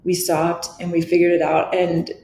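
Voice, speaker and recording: Earnest middle-aged woman, low voice. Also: level tone, moderate pace, vocal fry, dark tone. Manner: earnest, reflective, restarts often. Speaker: guest. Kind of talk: candid interview talk. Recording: echoey room with faint noise.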